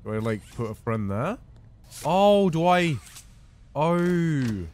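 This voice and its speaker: Jumpy man yelling through a horror game. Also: fairly high pitch, big pitch swings, slow. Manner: jumpy, swings from muttering to panicked yelling. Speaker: gaming video host. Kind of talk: horror game let's play commentary.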